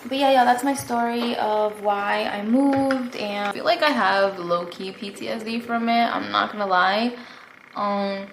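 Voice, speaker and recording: A young woman chatting casually to her camera, rambling through a story with plenty of "like" and "um". Her voice sits at an ordinary middle pitch. The room is echoey, with a faint hum of ambience behind her. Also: measured pace. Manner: chatty, rambling, lots of fillers and "like". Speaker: vlogger. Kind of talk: casual story-time chat.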